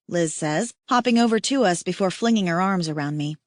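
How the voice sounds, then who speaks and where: A woman reading a first-person audiobook in an intimate, steady storytelling manner on a close mic. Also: lowish voice, fairly quick, dry recording. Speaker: audiobook narrator.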